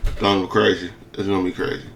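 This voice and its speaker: A man's voice: deep voice, little pitch movement, racing, creaky, a bit bright, a little hiss or hum. A young man giving hyped, slangy commentary over a game, his speech slurred with a lisp and full of repeated phrases. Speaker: gaming video creator. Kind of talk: casual commentary over gameplay.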